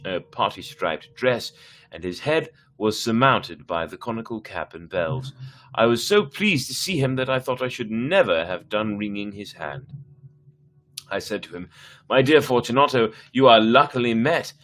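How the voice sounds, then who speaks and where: A man with a lowish voice reads a classic tale aloud on a live stream. He goes at an unhurried pace and sometimes stumbles and corrects himself. The reading is plain and steady. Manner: unhurried reading with small slips and self-corrections. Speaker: story reader.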